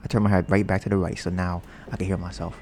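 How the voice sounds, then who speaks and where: Talking fast and flat, a young podcast host rambles from one topic to the next at home while a storm rages outside, poking fun at his smooth voice. He speaks low into a podcast mic with headphones on, and a faint hiss sits in the background.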